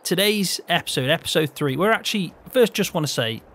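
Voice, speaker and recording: A man's voice: fairly high pitch, animated, fairly quick, bright, forceful tone. A man from England's Peak District, chatting casually and laughing often while hosting a farming game video. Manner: easygoing, rambling, laughs often. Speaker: gaming channel host.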